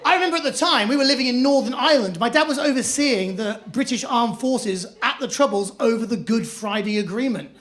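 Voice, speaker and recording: Male comedian, stand-up set, animated, comedy club stage, live audience laughter. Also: very high-pitched, brisk, hardly any pauses, some chatter behind. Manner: animated storytelling, shifting into acted-out voices.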